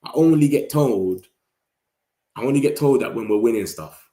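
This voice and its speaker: A man's voice: medium pitch, animated, normal speed, dark tone, echoey room. A young man with a London accent chatting casually about football to his live audience, slangy and loose, now and then mimicking rival fans. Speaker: football fan channel host. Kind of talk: casual live-stream chat.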